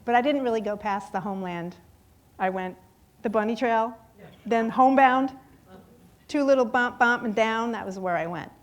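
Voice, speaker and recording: A woman in her fifties telling a lively personal story in a sermon, acting out voices and laughing often. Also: on the high side, moderate pace, long pauses. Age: 50s. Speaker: guest speaker at a church service.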